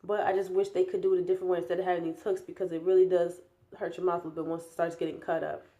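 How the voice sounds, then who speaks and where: A young woman with a slightly low voice chats casually through a vlog update. She sounds tired and rambles with lots of fillers and restarts. Her new braces give her a slight lisp. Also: flat delivery, racing, warm tone. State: tired, yawning. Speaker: vlogger.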